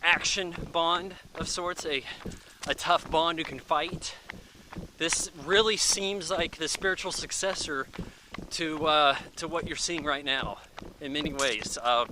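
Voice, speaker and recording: A man giving a casual, rambling movie review, full of fillers and quick acted-out asides, recorded outdoors near traffic. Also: a little high.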